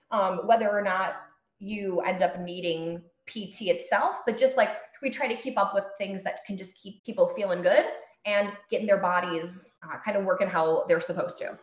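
A woman physical therapist from Florida, a guest on a podcast, upbeat and quick to laugh. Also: medium pitch, reverberant. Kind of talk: casual interview chat.

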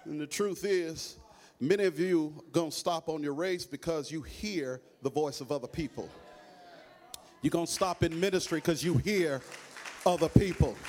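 Man preaching, high voice, Southern American accent, sing-song chanting cadence, church sermon. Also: normal speed, a little mellow. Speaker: bishop preaching.

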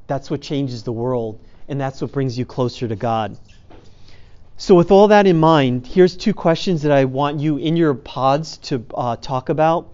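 A man's voice: medium pitch, moderate pace, warm tone, highs cut off. A man giving an earnest spiritual talk to men's groups as a podcast host, often repeating phrases for emphasis. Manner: reads quotes aloud.

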